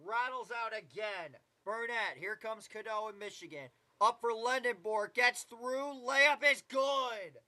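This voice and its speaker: A man's voice: high voice, sharp tone. A man doing casual live play-by-play commentary of a basketball game, with chatty asides and mild swearing.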